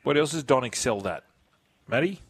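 A man's voice: mid-range voice, lively intonation, a little fast. A man with an Australian accent co-hosting a sports radio show, teasing callers and bantering in a laid-back way. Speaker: radio co-host.

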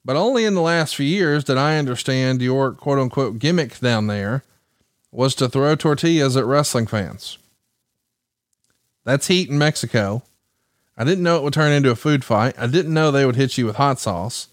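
A man hosting a casual interview podcast, reading passages aloud and then bantering with his guest. His voice sits at a middle pitch and is picked up dry and close on the mic. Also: animated, moderate pace, no room sound. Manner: reads excerpts aloud, then banters and laughs. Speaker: podcast host.

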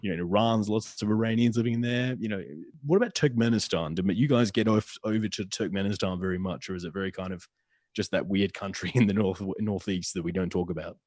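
A man, a podcast guest talking in a quick, chatty way and often restarting his phrases. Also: on the low side, darkish tone, dry recording, clean studio sound. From Australia. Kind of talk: casual podcast chat.

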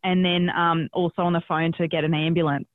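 A woman with an Australian accent, a podcast guest telling a story casually, animated and swearing freely, acting out what people said. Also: fairly low pitch, brisk, no room sound, phone-quality sound.

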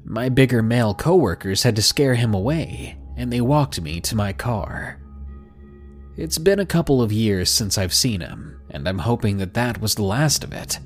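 A male podcast narrator reads a listener's scary story with drama and dry sarcasm. His mid-pitched voice moves expressively, with faint music underneath. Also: lively intonation, normal speed. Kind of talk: scripted horror story narration.

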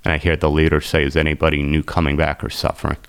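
A man's voice: extremely low pitch, completely flat delivery, fast, a bit bright, clear, resonant tone, dry recording. A man, a podcast guest, telling his recovery story in an emotional, intense way.

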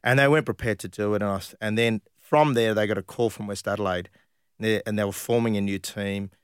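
Low-voiced Australian man telling lively stories. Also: quick pace, smooth, no room sound, studio quality. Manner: animated anecdotes with many fillers and restarts. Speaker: guest, former professional footballer. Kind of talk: casual storytelling interview.

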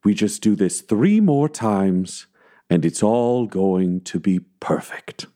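A man voicing a sinister scheming spirit that speaks calmly and contentedly, trailing into a hush. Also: lowish voice, slow pace. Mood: pleased.

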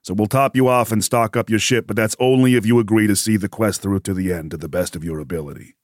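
A man running a tabletop game, voicing a bored official in a dry, deadpan way. His voice sits on the low side, close to the mic with no room sound. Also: fast, no echo. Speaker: game master.

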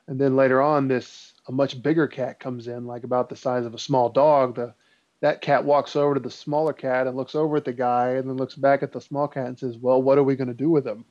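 In a dull, somewhat muffled lo-fi recording, a mid-range-voiced man speaks fairly quickly while casually telling an old spooky story. His delivery is loose and rambling, relaxed, and packed with fillers like um and like.

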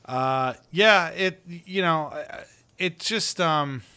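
A man hosting a sports podcast in a casual, rambling way, dropping fillers and small laughs as he talks. His voice is bright and forward, with an edge of tension to it. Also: on the high side, slow, clear, resonant tone. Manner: conversational, filler-heavy, laughs while talking. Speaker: podcast host.

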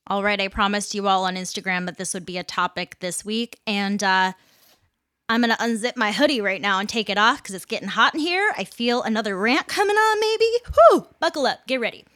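Host in her 30s, sarcastic rant, blunt, close dry mic, medium-pitched woman. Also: a bit bright, no echo. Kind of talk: ranting commentary.

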